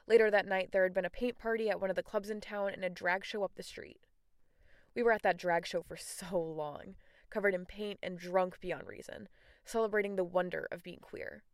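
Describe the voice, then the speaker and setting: A young woman narrating a personal story in a plain, steady way. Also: mid-range voice, smooth, dry recording, clean studio sound. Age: young adult.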